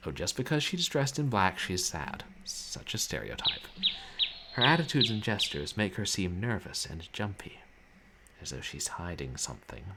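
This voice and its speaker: Brief: low-voiced, animated man riffing wryly on a game stream. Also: moderate pace, noisy background. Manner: wry, musing asides. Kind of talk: casual game commentary.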